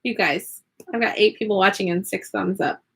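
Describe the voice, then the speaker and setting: A woman's voice: mid-range voice, fairly even intonation, moderate pace, creaky, husky. A woman in her thirties chatting casually to a live audience at home while she crochets. She rambles with lots of fillers and giggles. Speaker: vlogger and online teacher. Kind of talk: casual live craft chat.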